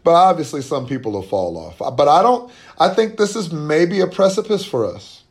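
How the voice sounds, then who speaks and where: Earnest man with a raised-pitch voice. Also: sing-song, moderate pace. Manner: earnest, emphatic, with frequent restarts. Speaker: guest, boycott organizer. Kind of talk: conversational interview.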